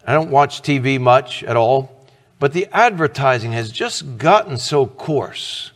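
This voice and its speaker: A man's voice: medium pitch, animated, measured pace, in a large hall. A middle-aged man preaching a sermon as pastor, earnest and conversational, asking the congregation questions.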